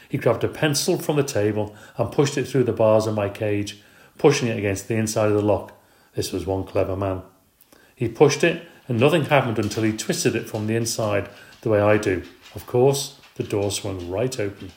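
A man reading a children's book aloud in a steady, expressive way. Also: lowish voice, normal speed. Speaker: storyteller. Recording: roomy echo.

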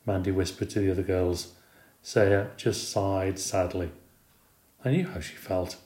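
A man reads a children's storybook aloud with lively expression. His voice sits on the low side. The recording carries a noticeable room echo. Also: a little slow. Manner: expressive, animated reading. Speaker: reader. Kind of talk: storybook narration. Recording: roomy recording.

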